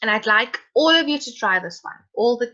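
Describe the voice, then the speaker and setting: A woman's voice: fairly high pitch, animated, fairly quick, pushed and bright, highs cut off. A woman teacher giving an online class lesson, calling on students by name and encouraging them. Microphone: video call.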